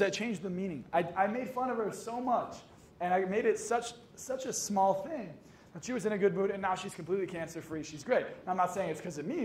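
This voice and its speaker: A young man with a fairly high voice tells swearing, joke-filled stories and acts out both sides of each conversation. His motivational talk sounds roomy and echoey, with a faint hiss behind it. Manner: swearing, jokey, acts out dialogue. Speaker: hypnotist and coach. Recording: echoey room with faint noise.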